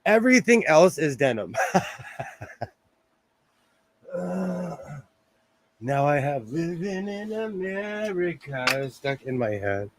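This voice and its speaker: Sing-song and slow with long pauses, this young man's voice sits on the high side. Livestreaming from his home sewing room into a nearby phone, he chats casually, wandering through asides and laughing a lot.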